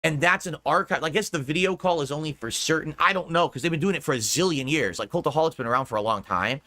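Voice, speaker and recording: A man's voice: fairly high pitch, fast talker, pushed and bright, no echo, studio quality. An American man streaming to his viewers in rambling casual chat, laughing often and swearing casually. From United States. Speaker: streamer talking to his audience.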